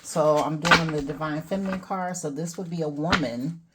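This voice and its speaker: A woman hosting an oracle card reading, talking softly and gently and admitting the cards make her emotional. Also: sits low, moderate pace. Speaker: tarot reader. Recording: loud background noise.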